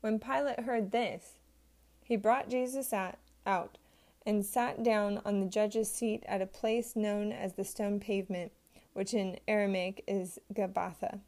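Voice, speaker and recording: A woman giving a steady, measured scripted reading of a Bible passage. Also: medium pitch. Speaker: scripture reader.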